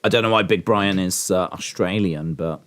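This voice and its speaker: A man's voice: low voice, moderate pace. A man hosting a live wrestling watch-along, chatting and answering his viewers in rambling asides. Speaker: livestream host.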